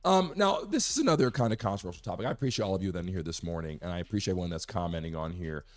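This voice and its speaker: A hoarse man hosting a live sports talk show, talking emphatically and repeating his point to make it clear. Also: sits low, expressive, racing, soft background music. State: hoarse, recovering from a lost voice.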